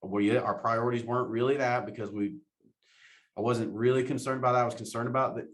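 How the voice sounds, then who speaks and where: A man giving a motivational talk, animated, laughing often and repeating his questions for emphasis. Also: medium pitch, fast. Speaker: motivational speaker.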